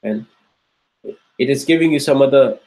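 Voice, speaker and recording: On a low-quality recording, a male lecturer with a mid-range, slightly mellow voice teaches Arabic grammar to a class. He repeats words slowly and pauses to ask checking questions.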